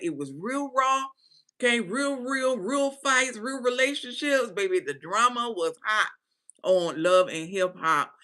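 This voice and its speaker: Host, female, AAVE speaker, bright tone, chatty live-stream commentary. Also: mid-range voice. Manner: chatty, animated, slangy with "baby" and "right?".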